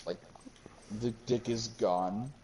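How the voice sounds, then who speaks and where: A man's voice: mid-range voice, slow, background noise. A young man in casual voice chat, joking and stumbling over his words. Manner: joking, stumbling, trails off mid-sentence.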